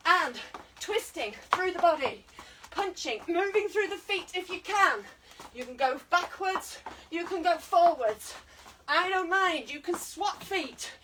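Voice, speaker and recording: British woman fitness instructor, high voice, breathless, coaching live; mic set back, faint hiss. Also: expressive, a little slow, recorded from a distance. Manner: encouraging, counting down and coaching while exercising. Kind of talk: online exercise class.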